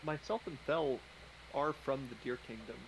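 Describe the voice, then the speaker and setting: A man's voice: medium pitch, normal speed, vocal fry, noisy background. Casual young-sounding man at the game table. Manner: casual, filler-heavy talk. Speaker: player.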